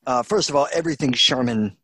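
A man's voice: medium pitch, fast talker, a bit bright, no room sound. A man co-hosting a podcast in casual chat, amused and laid-back as he recounts film moments. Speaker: podcast co-host.

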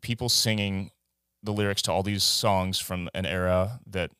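A man's voice: low-pitched, fairly even intonation, moderate pace, sharp tone, clean tone, no room sound, clean studio sound. A man guesting on a podcast, talking casually in a rambling, profane way with many restarts. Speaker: guest musician.

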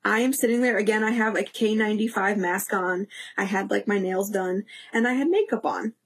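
A young woman telling a story in casual chat, animated, acting out quotes and laughing. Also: medium pitch, fairly quick.

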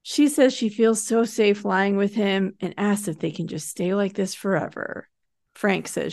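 A chatty woman co-host talks through a TV episode in an easy, casual way, laughing a lot and swearing now and then. Her voice is mid-pitched and recorded close and dry. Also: fairly even intonation, a little slow, gravelly, a little mellow, no echo. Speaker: podcast co-host. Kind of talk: casual TV recap chat.

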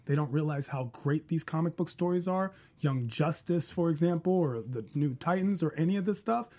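This panelist argues his opinions point by point, numbering them as he goes in a casual discussion. He sounds a little high and darkish, speaking at a normal speed.

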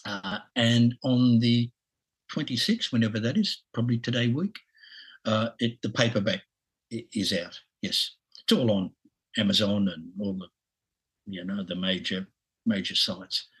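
A man in his sixties with an Australian accent, a podcast guest talking haltingly with lots of restarts and chuckles. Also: lowish voice, fairly bright tone, husky, poor audio. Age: 60s. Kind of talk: casual interview.

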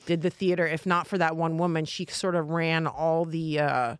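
A woman's voice: deep voice, fairly even intonation, moderate pace, smooth, dry recording. A middle-aged woman from Michigan with a Michigan accent, a comedian guest chatting casually and teasing dryly. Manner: dry, teasing jokes. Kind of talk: casual chat.

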